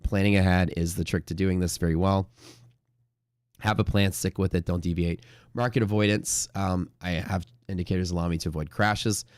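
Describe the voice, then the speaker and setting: A man hosting a live day trading stream, chatting casually and joking, then pitching his trading classes. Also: fairly even intonation, moderate pace, a little mellow, no echo, studio quality. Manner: joking, laughs at his own jokes.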